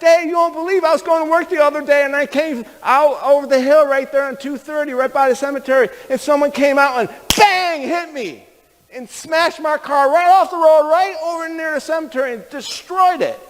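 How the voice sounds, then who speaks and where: A male pastor voicing a flustered woman at a drive-thru window, rushing through her story in a high voice. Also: long reverb tail. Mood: urgent. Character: flustered middle-aged woman drive-thru worker, talking fast.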